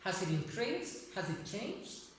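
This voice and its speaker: A man's voice: sits high, very animated, a little slow, over a noisy crowd. A man teaching an English class, asking his students questions and often restarting his sentences. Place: classroom, indoors. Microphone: far camera. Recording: very echoey classroom, far from mic.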